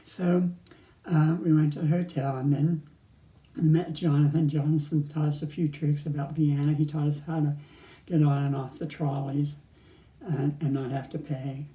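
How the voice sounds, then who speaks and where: A man's voice: a little high, little pitch movement, moderate pace, warm tone. An older man casually recounting travel memories, rambling with frequent restarts and chuckles. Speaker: storyteller. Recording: echoey room.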